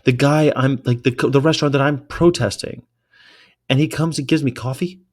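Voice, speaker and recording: A man vlogging as a vegan activist, telling stories in a casual, rambling way that is excitable and full of profanity. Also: medium pitch, a little fast.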